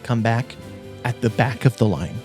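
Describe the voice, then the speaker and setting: A man's voice: mid-range voice, darkish tone, soft background music, voice pushed down, natural voice. A man voicing a fussy female shopkeeper who scolds a pushy customer. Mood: scolding. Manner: scolding, brisk.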